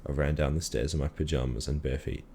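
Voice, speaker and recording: A man calmly reading a children's story aloud in a measured storytelling manner. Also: very deep voice, slight background noise. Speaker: reader.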